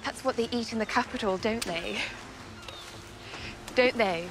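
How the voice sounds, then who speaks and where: A woman's voice: fairly high pitch, measured pace, gravelly, over music. An actress playing a timid young noblewoman with a posh English accent, chattering in a breathless, fretful way.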